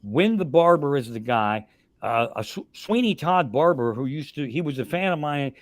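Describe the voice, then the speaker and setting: A man in his sixties telling profane, animated comedy stories on a live podcast, with loud punchlines. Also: fairly high pitch, normal speed, no room sound. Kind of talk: casual storytelling on a live podcast.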